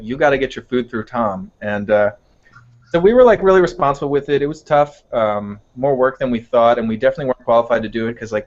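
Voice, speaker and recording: A young man co-hosting a podcast, telling a story in a laid-back way with casual swearing. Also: mid-range voice. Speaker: podcast co-host. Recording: dull lo-fi podcast audio.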